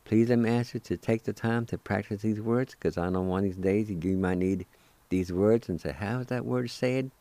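A man hosting a radio language lesson, spelling out words slowly and deliberately and gently encouraging listeners to practice. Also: fairly low pitch, no room sound. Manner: slow, deliberate, spells out syllables. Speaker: language radio show host.

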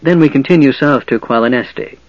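A man voicing a calm, wise half-elf leader who speaks in a measured, firm way. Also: medium pitch, no echo, muffled recording, lightly acted.

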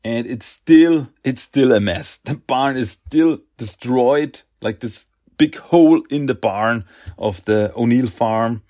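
Podcast guy retelling a comic, slow and halting, lots of uh and like, mid-pitched voice. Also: mellow. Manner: slow, halting, many fillers and restarts. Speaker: podcast host. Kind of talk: casual comic book recap.

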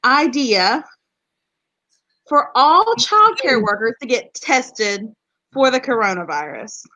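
A woman's voice: fairly high pitch, big pitch swings, slow pace, sharp tone. A woman from West Virginia, a podcast co-host in casual chat, telling a story bluntly and swearing freely.

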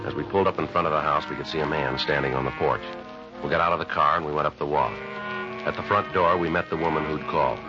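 A terse police detective, narrating the case and grilling suspects in a clipped, deadpan way in a 1950s radio crime drama. The voice is very deep and the delivery quick. It sounds like a dull, lo-fi old radio broadcast with music under it. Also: male voice. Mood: flat report. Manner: clipped, matter-of-fact, deadpan.

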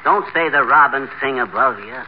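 An actor playing a boastful, wisecracking small-town blowhard with folksy, brash talk, in a radio comedy. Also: male voice, medium pitch, normal speed, close to an everyday voice. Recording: muffled old radio broadcast with hiss.

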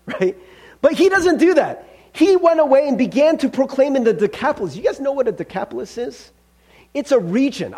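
A man's voice: high-pitched, darkish tone, breathy edge. A male pastor preaching a conversational sermon, calling listeners friends.

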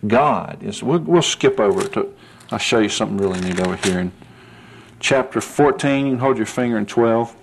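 A man's voice: lowish voice, expressive, moderate pace, vocal fry, slight background noise. Earnest male preacher giving a sermon. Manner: earnest, rising to emphatic peaks; folksy, asks "see?" often.

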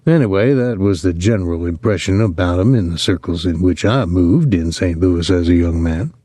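A man plays a young soldier with a soft, lazy country drawl, his low, dark voice wry and mocking in a softly ironic mood. He speaks at a moderate pace, and the sound is dry and close with no echo.

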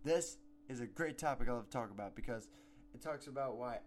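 A teenage boy hosting a casual solo sports podcast at home, rambling and excitable, sometimes breaking into shouts. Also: medium pitch, fairly quick, faint music behind. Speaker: podcast host. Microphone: home microphone.

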